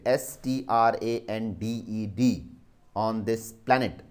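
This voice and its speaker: Slow Pakistani teacher spelling out words. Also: male voice, on the low side. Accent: Pakistani English. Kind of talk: dictating a vocabulary exercise.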